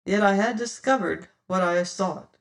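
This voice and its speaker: A woman narrating an audiobook at a slow, measured pace, with a mid-pitched voice. She sits a little back from the microphone, so the sound is slightly distant. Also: vocal fry. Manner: measured, unhurried storytelling. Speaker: audiobook reader. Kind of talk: scripted narration.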